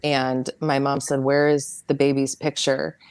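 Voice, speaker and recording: Middle-aged woman, deep register, dry close sound, earnest halting interview guest. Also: flat delivery, darkish tone, dry recording. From United States. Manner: earnest, halting, repeats words. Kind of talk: emotional personal storytelling.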